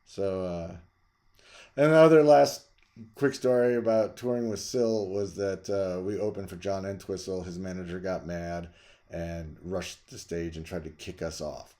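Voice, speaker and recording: A middle-aged man, the host, chatting casually and rambling about his record collection, jumping to loud emphasis. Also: low voice, fairly even intonation, a little slow. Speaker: vlog host reviewing records.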